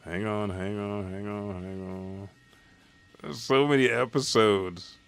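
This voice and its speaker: A man hosting a live comic reaction stream, talking in a rambling, profane, excitable way. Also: on the low side, slow, vocal fry, clear, resonant tone, faint music behind.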